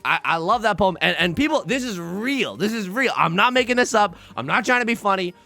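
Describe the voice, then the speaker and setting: A young man casually commenting on his own game play, jokey and animated, talking to his chat with sudden loud outbursts. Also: high-pitched, brisk, creaky, soft background music. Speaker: let's play streamer.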